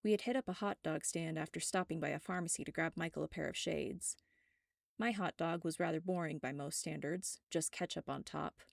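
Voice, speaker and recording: Gravelly woman narrating a story. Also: lowish voice, no room sound, clean studio sound. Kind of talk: first-person narration of a web serial.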